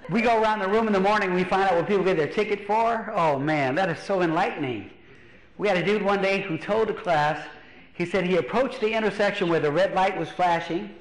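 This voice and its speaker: High-voiced storytelling comedian man. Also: brisk. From Louisiana. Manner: animated storyteller, acts out voices. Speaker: pastor and comedian. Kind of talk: stand-up comedy. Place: church hall. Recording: echoey hall.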